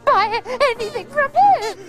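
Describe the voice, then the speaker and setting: A woman voicing a gentle, teasing young female panda puppet with a British accent, coaxing and pleading in a children's puppet show. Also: very high-pitched, very animated, a little slow, over music, heavily acted.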